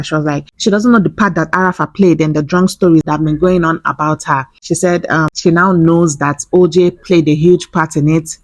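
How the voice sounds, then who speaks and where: A woman's voice: low-pitched, a little mellow, no room sound. A woman giving a chatty reality TV recap, full of laughs and asides. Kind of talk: casual gossip recap.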